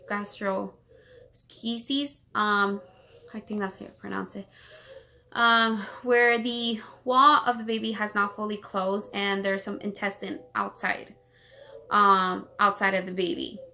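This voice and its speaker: Bright-voiced vlogging woman holding back tears. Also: medium pitch, steady tone, a little hiss or hum. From Los Angeles, United States. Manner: rapid rambling with many fillers and restarts. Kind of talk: emotional personal storytelling.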